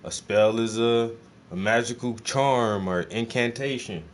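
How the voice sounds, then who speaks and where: A man paints live and chats with viewers in an unhurried, mid-range voice, with slight background noise behind him. He's blunt and animated, swears freely and keeps throwing out rhetorical questions.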